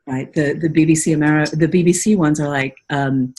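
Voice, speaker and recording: A woman's voice: low voice, fairly even intonation, a little fast, warm tone, breathy edge, poor audio. An American woman hosting a casual webinar Q&A as a voiceover coach, chatty and laughing easily as she tells stories. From United States.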